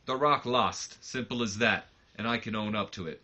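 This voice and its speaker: Man voicing a boastful male wrestling champion, third-person bragging, loud and bright, lo-fi sound. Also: fairly low pitch, moderate pace. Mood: swaggering. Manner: swaggering, trash-talking.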